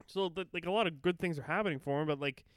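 A man co-hosting a podcast in casual chat, animated and swearing often. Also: a little high, quick pace, no room sound. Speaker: podcast co-host.

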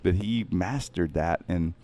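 Low-voiced, rambling comedian. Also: male voice, unhurried, warm tone, no echo. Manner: rambling, reflective, says "man" often. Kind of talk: casual interview chat.

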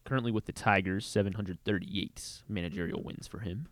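A man's voice: on the low side, brisk, dry recording. A man on sports radio quizzing his co-host, reading out figures and dropping hints. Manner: quizmaster reading out stats and giving hints. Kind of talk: casual sports talk quiz. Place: radio studio.

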